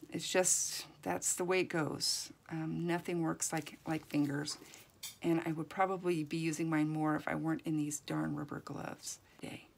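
A woman's voice: deep voice, fairly even intonation, normal speed, creaky, a little hiss or hum. A woman giving a chatty, encouraging crafting tutorial as a doll artist, thinking aloud as she works.

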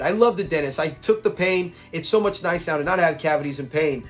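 A young man casually breaking down a sitcom episode, excitable and often laughing as he retells scenes. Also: on the high side. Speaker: show reviewer.

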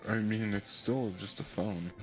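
A man's voice: fairly low pitch, fairly even intonation, unhurried, poor audio. A man co-streaming a game, chatting casually and tossing in teasing, offhand jokes. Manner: teasing, offhand, jokey remarks. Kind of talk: casual gameplay chat. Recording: faint game music behind.

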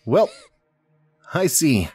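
A man's voice: fairly high pitch, sing-song, very slow, darkish tone, breathy edge, no room sound, faint music behind. A man playing a puzzle game who reads the story text aloud, mutters to himself and swears. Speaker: let's play gamer. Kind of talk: casual game commentary and reading aloud.

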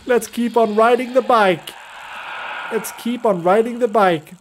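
High-voiced jittery man gaming. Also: measured pace, a little hiss or hum. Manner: jittery, swearing, nervous laughter, talks to himself. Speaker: horror game streamer. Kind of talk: let's play commentary.

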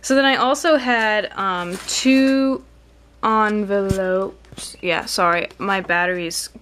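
A woman's voice: medium pitch, takes it slowly, fairly bright tone, slight background noise. A young woman vlogging to camera, chatty and rambling with many fillers, on the camera's own mic. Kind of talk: casual chat to camera.

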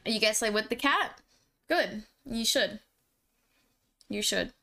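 A woman's voice: fairly high pitch, a little slow, gravelly, sharp tone, slight background noise. A young woman streamer chatting casually and jokily with her viewers. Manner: chatty, giggly, jokey. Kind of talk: casual live-stream chat.

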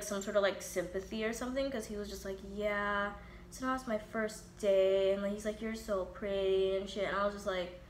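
A young woman vlogger with a mid-range voice gives a casual, profane storytime, frankly quoting herself and others as she performs both halves of the dialogue. The recording carries a roomy echo, faint ambience, and slight background noise.

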